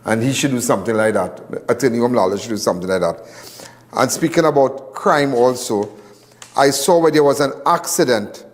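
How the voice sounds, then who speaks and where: A man's voice: mid-range voice, normal speed. A man with a Trinidadian accent hosting a live crime show, talking in a loose, rambling, lecturing way.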